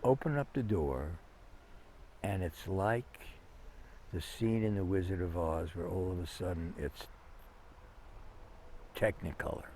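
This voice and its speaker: Slow, low-voiced man telling stories. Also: a little mellow, slight background noise. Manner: rambling anecdotes with many restarts and fillers. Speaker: interview guest. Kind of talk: conversational storytelling.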